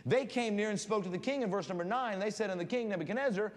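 A man preaching as a guest pastor in a church, reading scripture aloud and telling animated stories. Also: sits high, very fast, hardly any pauses. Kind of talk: sermon. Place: church sanctuary. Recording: long hall reverb, faint room noise.

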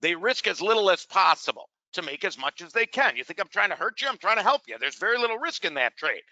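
A man with a high, sharply bright voice runs a live trading demo. His pitch swings widely as he throws rhetorical questions at his listeners and calls them "gang". The sound is dry and close but dull, like lo-fi webinar audio. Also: big pitch swings, quick pace, no echo. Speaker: trading educator.

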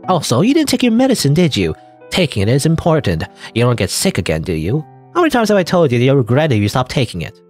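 A man's voice: mid-range voice, wildly swooping pitch, fast, darkish tone, faint music behind, voice pushed up. A man voicing a hysterical, abusive middle-aged mother who scolds shrilly and begs through tears in a game. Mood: scolding.

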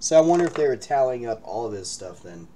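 Male card-break host, animated, bantering, faint background hum. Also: medium pitch, fast. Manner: hyped, joking banter with viewers. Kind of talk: live card-break streaming chat. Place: break room indoors.

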